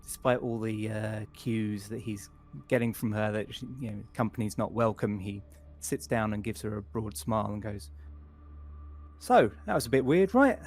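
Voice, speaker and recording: A man's voice: lowish voice, little pitch movement, moderate pace, few pauses, a little mellow. A man describing his character's actions in a tabletop game.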